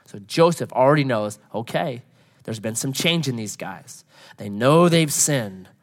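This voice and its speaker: A man's voice: mid-range voice, unhurried. A man preaching a sermon, retelling scripture in a conversational way and voicing the characters, laughing at his own jokes. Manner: animated, acts out quoted lines, laughs at own jokes. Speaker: pastor.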